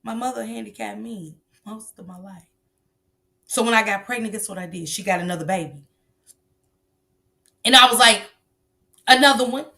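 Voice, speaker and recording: A woman's voice: medium pitch, moderate pace, creaky, long pauses, pushed and bright. A middle-aged woman hosting a livestream, lecturing bluntly and profanely about parenting in a casual, preachy way. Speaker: livestream host.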